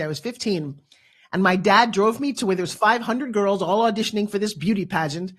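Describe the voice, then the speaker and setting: Animated woman telling her life story. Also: mid-range voice. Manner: animated, dramatic storyteller who acts out quotes. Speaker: guest, motivational speaker. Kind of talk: storytelling in a talk show interview.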